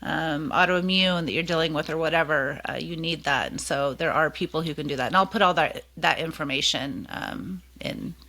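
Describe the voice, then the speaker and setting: Casting: chatty woman clinician, low-ish voice, bright and forceful tone, casual podcast chat. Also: moderate pace, hardly any pauses. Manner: chatty, lots of fillers, animated retellings. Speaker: co-host and clinician.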